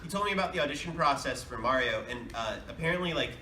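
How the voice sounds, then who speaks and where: A man's voice: on the high side, animated, fast talker, pushed and bright. A man, a voice actor, answering fan questions at a convention panel in a rambling, chatty way with frequent laughs. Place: large convention hall. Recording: echoey hall, distant mic, noisy.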